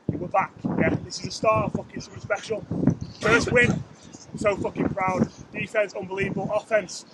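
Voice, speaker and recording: A man's voice: high-pitched, background noise. A man coaching, giving an emotional, profane post-game speech to his team on an outdoor field.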